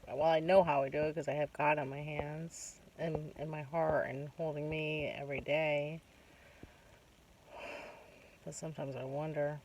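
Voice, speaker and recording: Chatty woman telling a story, gravelly. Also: deep voice, little pitch movement, unhurried, pauses often, a little mellow. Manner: chatty, retells conversations with many asides. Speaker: vlogger. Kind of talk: casual storytelling monologue. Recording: distant mic with faint background noise.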